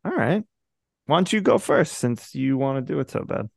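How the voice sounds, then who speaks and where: Mid-pitched gravelly man, dry teasing podcast host, close dry mic. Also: very animated, moderate pace, a little mellow, no room sound. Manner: dry, teasing one-liners. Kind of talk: casual movie chat.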